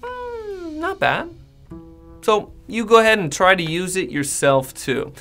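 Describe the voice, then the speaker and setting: An American man, an English teacher, gives a casual lesson straight to the camera and acts out sample replies in a friendly, animated way. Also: sits high, measured pace, faint music behind. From United States.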